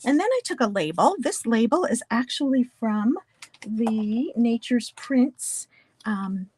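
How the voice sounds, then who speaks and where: A woman's voice: a little high, animated, slow, a little mellow, slight background noise. A woman from New Jersey teaching a casual card-making class, chatty and talking through each step with small asides. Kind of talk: casual craft tutorial.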